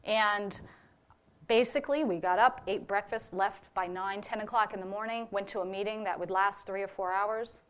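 A woman's voice: medium pitch, moderate pace, clean tone. Earnest woman giving a church testimony. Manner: earnest and heartfelt, with fillers. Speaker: church member reporting on a ministry trip. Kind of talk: personal testimony to a congregation.

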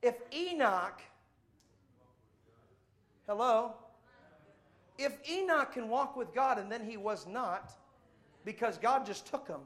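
A middle-aged man preaches with animated, emphatic storytelling. His voice sits remarkably high for a man. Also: measured pace, pauses often. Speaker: evangelist. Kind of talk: sermon.

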